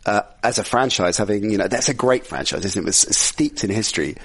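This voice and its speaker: A man's voice: on the low side, expressive, brisk, fairly bright tone, breathy edge. A man hosting a sports podcast in an upbeat, chatty way, laughing easily with his guest. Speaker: podcast host. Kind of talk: casual sports talk.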